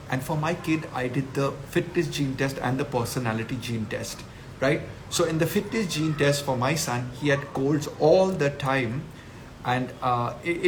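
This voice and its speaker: A man's voice: a little high, a little hiss or hum. Emphatic middle-aged Indian man. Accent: Indian English. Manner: emphatic, scolding, animated with Hindi slang. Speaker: nutritionist answering viewer questions. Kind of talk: live Q&A talk.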